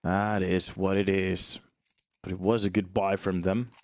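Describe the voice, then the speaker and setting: A man's voice: low voice, little pitch movement, a little slow, darkish tone, no room sound. A man giving live play-by-play commentary on a competitive match, chatty and joking with viewers between calls. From Finland. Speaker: esports commentator.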